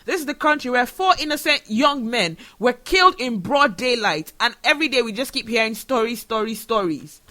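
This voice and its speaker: A woman's voice: fairly high pitch, animated, moderate pace, few pauses, sharp tone. A woman hosting her own show, speaking in an emotional, indignant monologue full of rhetorical questions. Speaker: show host. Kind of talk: impassioned monologue to camera.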